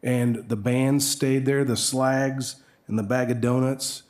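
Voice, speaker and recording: A council member at a city meeting, speaking slowly and haltingly, restarting his phrases. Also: mid-range voice, steady tone, a little mellow. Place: council chambers.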